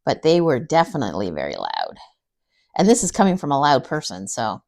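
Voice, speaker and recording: A middle-aged woman chatting casually to camera as a craft vlogger, rambling through everyday stories with many fillers and animated bits when she quotes people. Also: very deep voice, fairly quick, vocal fry. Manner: animated when quoting others.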